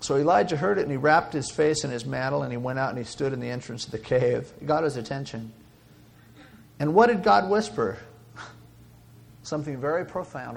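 A man preaching a sermon, dramatic, swinging between loud exclaiming and hushed whispering. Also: mid-range voice, a little fast, creaky.

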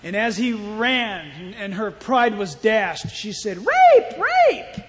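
A man pastor preaching a sermon in an animated, playful way, acting out Bible scenes as he goes. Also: sits high, slow pace, big-room sound, heavy background noise.

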